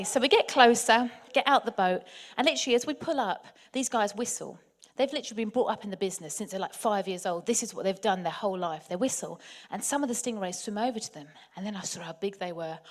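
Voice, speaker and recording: A woman from England recounts a personal story in an animated, chatty manner. Her voice sits a little high, and she keeps turning to speak straight to her listeners. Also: fast talker. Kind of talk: anecdotal storytelling.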